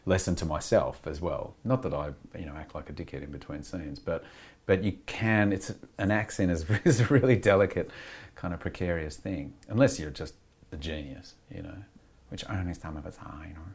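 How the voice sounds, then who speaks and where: A man's voice: low-pitched, a little fast, a little mellow, husky. A man, an actor talking candidly and at length in a casual interview, self-deprecating and laughing now and then.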